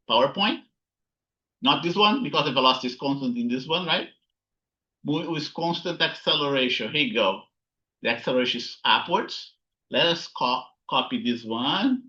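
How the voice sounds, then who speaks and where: Over slides in a recorded lecture, a male physics instructor thinks aloud in a pushed, bright mid-range voice, frequently checking in with "okay?" and "right?". The sound is lo-fi.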